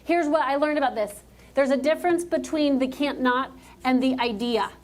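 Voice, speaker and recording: A woman in her thirties giving a live keynote speech on a conference stage, energetic and joking as she talks straight to the audience. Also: sits high, moderate pace. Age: 30s. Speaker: motivational speaker.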